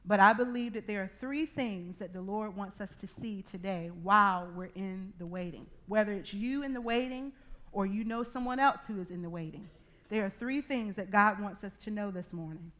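A woman in her thirties or forties preaching a sermon, telling a personal testimony with animated, acted-out dialogue. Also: mid-range voice, normal speed. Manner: animated storytelling, acting out dialogue.

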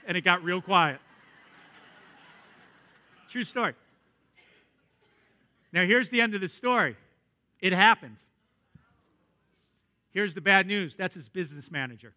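A pastor preaches a sermon like a storyteller, building to excited peaks and then dropping to near whispers. His voice is bright and forceful, pitched a little high for a man. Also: a little slow, long pauses.

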